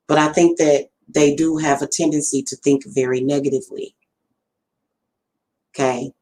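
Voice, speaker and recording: A woman's voice: deep voice, fairly even intonation, normal speed, mellow, poor audio. A middle-aged woman, a spiritual reader chatting casually to her viewers, rambling and addressing them directly. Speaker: spiritual reader and channel host. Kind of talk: casual livestream talk.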